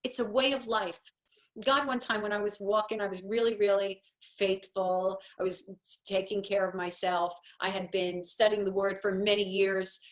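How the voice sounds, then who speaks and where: A woman's voice: mid-range voice, fairly even intonation, normal speed. A woman in her fifties hosting a casual coffee-talk monologue, telling stories in a rambling, self-deprecating way. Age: 50s. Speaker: host.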